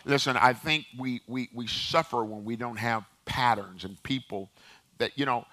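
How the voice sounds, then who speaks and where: A man's voice: medium pitch, moderate pace, pushed and bright. A man in his sixties, a pastor preaching a sermon, calling on the congregation to repeat phrases after him and repeating words as he builds a point.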